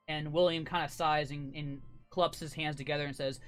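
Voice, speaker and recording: A man's voice: fairly high pitch, steady tone, normal speed, few pauses, a bit bright, soft background music. A man narrating as dungeon master, casual with filler words. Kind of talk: narrating a tabletop game.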